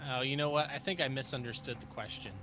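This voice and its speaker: A man co-hosting a casual podcast, thinking out loud while answering a quiz. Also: medium pitch, fast, over music. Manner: animated, laughing, thinks out loud. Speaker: podcast co-host, quiz contestant.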